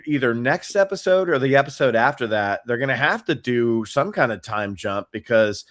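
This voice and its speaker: A man co-hosting a casual reaction chat about a TV episode, talking in an animated, profane way and laughing often. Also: mid-range voice, moderate pace. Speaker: co-host.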